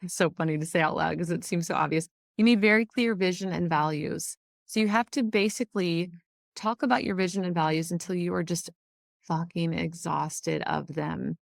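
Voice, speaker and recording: A woman's voice: lowish voice, normal speed, creaky, no room sound, studio quality. A woman hosting a solo podcast, teaching in a casual, think-aloud way with the odd swear word. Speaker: podcast host.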